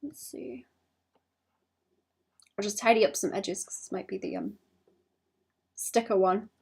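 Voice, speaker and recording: Young woman artist live-streaming, mid-pitched, a touch of vocal fry, rambling self-talk as she works. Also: a little slow. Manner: thinks out loud, rambling and self-conscious. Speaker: illustrator streaming her drawing. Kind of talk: casual livestream chat while drawing.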